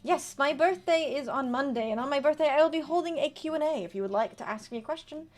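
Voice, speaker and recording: High-pitched and quick, a twenty-something woman streams casually, reading cards aloud and replying to her chat. Faint music plays behind her.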